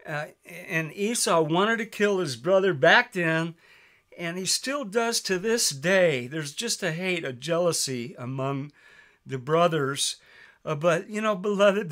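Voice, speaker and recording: A man preaching a sermon, reading scripture aloud with emphasis and dropping his voice softly when he addresses his listeners as beloved. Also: fairly high pitch. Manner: reads scripture in a raised, emphatic voice, drops soft on "beloved".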